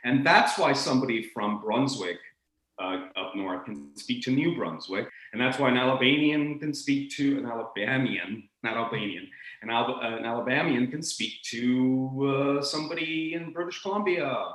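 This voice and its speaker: A man talking about the history of accents as a guest, animated and expressive, often restarting his sentences. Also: medium pitch, roomy sound, poor audio. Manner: expressive, acts out accents in quick asides; frequent restarts and stammered repeats. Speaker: guest speaker on linguistics. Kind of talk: animated conversational lecture.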